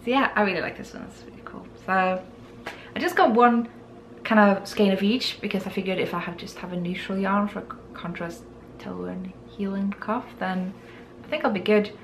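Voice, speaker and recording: Lady guest on a podcast, bit of vocal fry, laughs at herself, trips on english words. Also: medium pitch, fairly even intonation, normal speed, a little hiss or hum. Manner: giggly, self-deprecating, stumbles over English words. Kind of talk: casual chat, showing a yarn haul.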